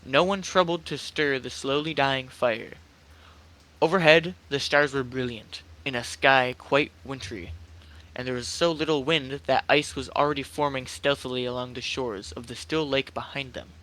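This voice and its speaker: A young man reads a horror story aloud as an amateur, with a mid-range, fairly bright voice, fairly even intonation and a moderate pace, over poor audio. He sounds casual and hesitant, stumbling and restarting and saying "like" a lot.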